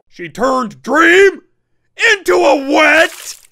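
A man delivers cartoon jokes in a loud, goofy, exaggerated manner. His voice is very high and gravelly. He stretches out his words with big leaps in pitch. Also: lively intonation, slow pace, slight background noise. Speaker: comedy narrator. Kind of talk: animated joke narration.

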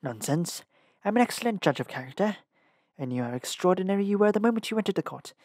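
A man's voice: sits high, expressive, fast, darkish tone, no echo, clean studio sound, pitched above the performer's own voice. A man doing a gossipy chatty queen.

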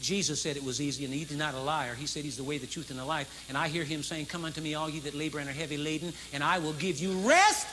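A man in his fifties preaching a sermon to a live congregation, emphatic and repetitive, moving between loud proclamation and low intense talk. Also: quick pace, few pauses, background noise. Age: 50s. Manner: emphatic, repeats key phrases for effect. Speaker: pastor. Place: large church service with congregation responding.

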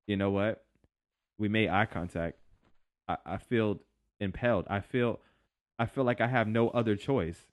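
A young man giving excitable, slangy commentary while he plays a game, yelping and talking to his creature. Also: lowish voice, dry recording. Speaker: gaming YouTuber. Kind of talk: live gameplay commentary. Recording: faint game music behind.

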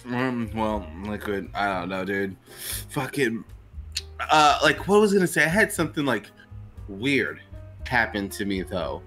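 A man's voice: fairly low pitch, sing-song, unhurried, sharp tone, faint music behind. Laid-back man cracking crude jokes. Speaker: podcast co-host. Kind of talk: casual chat, storytelling.

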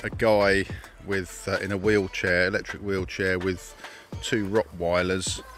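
A man's voice: low voice, little pitch movement, measured pace, a bit bright, faint music behind. A man narrating a campervan travel vlog in a casual, wry, understated way. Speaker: vlogger. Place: campervan trip outdoors.

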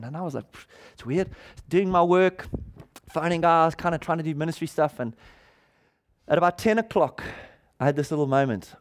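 A man's voice: fairly high pitch, a little fast. Man preaching, telling a personal story. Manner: animated storytelling, acting out quoted dialogue. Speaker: pastor. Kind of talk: sermon storytelling.

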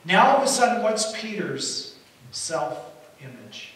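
Animated male pastor in an echoey hall. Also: high-pitched, takes it slowly. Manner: animated storytelling, acts out quotes. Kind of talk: sermon. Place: church hall. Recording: echoey hall from far off, faint hiss.

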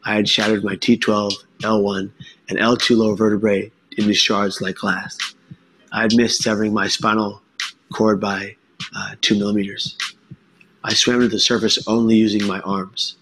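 A man giving an earnest, emphatic personal testimony talk, with dramatic pauses. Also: on the low side, flat delivery, fairly bright tone, a little hiss or hum. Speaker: speaker sharing his story.

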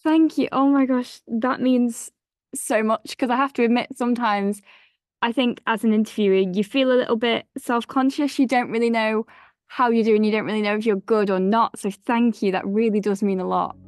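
A woman's voice: a little high, fairly even intonation, normal speed, a little mellow, dry recording, studio quality. A woman hosting a podcast interview. She is effusive and encouraging toward her guest. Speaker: podcast host. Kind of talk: casual interview.

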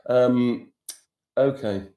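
A man's voice: mid-range voice, drawn-out words, mellow. Middle-aged male actor, casual fan Q&A over video call, meandering and self-mocking, slightly roomy sound. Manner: rambling, hesitant, full of ums and self-deprecating asides. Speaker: actor answering fan questions. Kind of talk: casual virtual Q&A.

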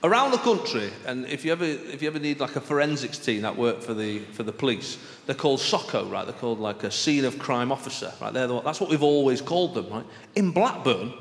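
A man's voice: mid-range voice, lively intonation, brisk, few pauses. A man with a northern English accent, doing a chatty stand-up comedy routine on a theatre stage. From northern England. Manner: chatty, conversational, frequent "right?" asides. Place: theatre stage with live audience. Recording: roomy live theatre recording with audience noise.

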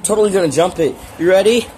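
A teenage boy with a fairly high voice rambles into his handheld phone while wandering outside. His talk is goofy and self-mocking, full of random asides. Traffic rumbles clearly behind him. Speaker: vlogger. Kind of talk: rambling walk-and-talk vlog. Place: outdoors, streets and an alley. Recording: phone audio with traffic noise.

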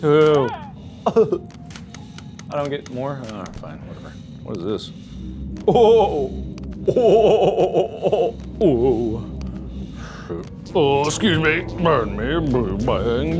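A man in his thirties, a gaming YouTuber doing let's play commentary, animated and yelping as he plays in VR, winded from moving. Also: fairly high pitch, extremely slow, long pauses, music in the background. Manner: animated, yelps and jokes while playing VR.

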